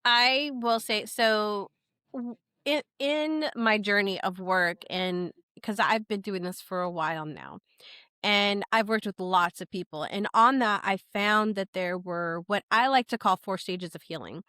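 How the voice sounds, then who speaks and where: A woman in a relaxed podcast chat, speaking earnestly and working her thoughts out as she goes, with many restarts and fillers. Her voice sits at a middle pitch, and the sound is dry and close with no room around it. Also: measured pace, clean tone, no room sound. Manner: earnest, thinks aloud with frequent restarts and "like". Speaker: guest, intuitive astrologer. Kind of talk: casual podcast conversation.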